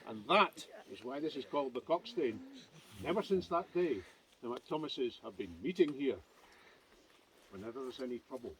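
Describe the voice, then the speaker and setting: A Scottish man telling a local legend outdoors in a lively, conversational way with asides to his listeners. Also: medium pitch, normal speed, rough recording. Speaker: clan society vice president. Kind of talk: outdoor folk storytelling. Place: outdoors by a standing stone.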